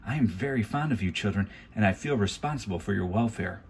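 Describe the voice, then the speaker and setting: A man raising his voice into a careful, measured woman judge. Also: lowish voice, lively intonation, a little hiss or hum. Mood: indignant, warm. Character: stern, fair-minded woman judge.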